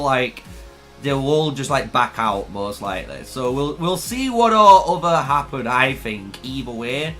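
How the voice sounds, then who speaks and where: A man streams a strategy game and talks to his viewers, chatty and quick to laugh. His voice is bright and sits a little high. He talks slowly, with faint music under him. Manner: chatty, laughs often, addresses chat. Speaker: gaming streamer. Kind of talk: live game commentary.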